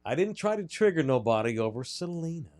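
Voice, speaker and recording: A man's voice: on the high side, very animated, a little fast, a little mellow, no room sound, faint music behind. Joking, crude male podcast co-host. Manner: joking, loose, crude banter. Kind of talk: casual sports chat.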